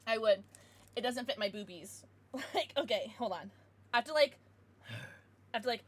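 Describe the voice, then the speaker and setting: A woman's voice: a little high, lively intonation, normal speed, pauses often. A young woman livestreaming, chatting casually and giggling with her chat, thanking followers.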